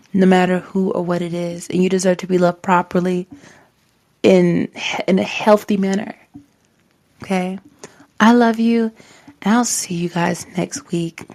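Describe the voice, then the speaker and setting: A young woman with a medium-pitched, darkish voice hosts a faith-based podcast. She speaks casually and directly to her listeners with heartfelt encouragement, saying "like" often.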